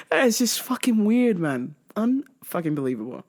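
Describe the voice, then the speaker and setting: A woman's voice: medium pitch, very animated, a little slow, a little mellow. A woman hosting a casual comedic show, profane, laughing often and acting out quotes in put-on voices. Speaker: podcast host.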